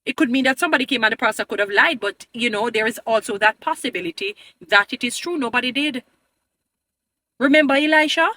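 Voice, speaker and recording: A woman vlogger talks straight to her followers in a high, bright voice. She argues emphatically and pleads with them, sliding into a preachy, sermon-like tone. Her delivery is insistent throughout. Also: quick pace. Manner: addresses viewers as "beautiful people". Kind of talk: opinion commentary to camera.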